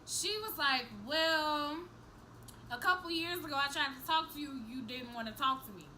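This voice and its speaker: Young woman vlogger, high bright voice, animated and profane storytelling, faint room noise. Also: normal speed, rough recording. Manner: animated, profane, acts out each person's lines, laughs through the story. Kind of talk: casual storytelling to camera.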